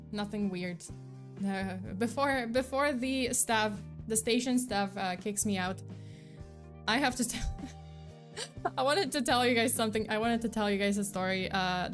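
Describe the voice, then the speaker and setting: A young woman chatting casually and telling a story from a subway station, with faint music behind her. She rambles and runs herself down, and she gets animated and laughs when she retells her own panic. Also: mid-range voice. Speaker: VTuber streamer.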